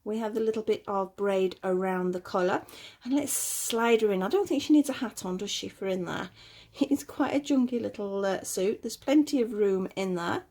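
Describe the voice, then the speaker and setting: A doll collector with a dark-toned, mid-range voice speaks at normal speed, chatting casually to camera at home as she unboxes little dolls. She coos over their tiny details and sounds a bit out of breath.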